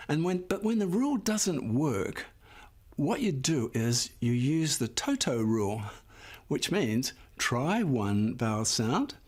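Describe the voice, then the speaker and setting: A man teaching a phonics lesson, explaining syllable rules patiently and sounding out words slowly and clearly for the class. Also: mid-range voice. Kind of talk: slow, clear classroom instruction.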